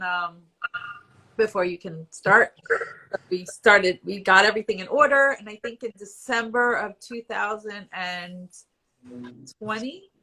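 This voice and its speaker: A woman in her forties with a bright, forward tone tells her own story in a live Q&A. She talks candidly and conversationally, and at times she is emotional. Her pitch sits in the middle for a woman. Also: poor audio. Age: 40s. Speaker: IVF patient guest.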